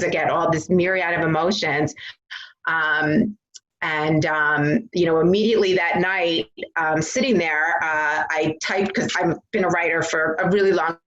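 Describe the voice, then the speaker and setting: Woman, interview guest; candid, animated storytelling, slightly low voice, echoey room. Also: muffled recording. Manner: earnest, animated retelling with frequent fillers. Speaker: interview guest sharing her recovery story.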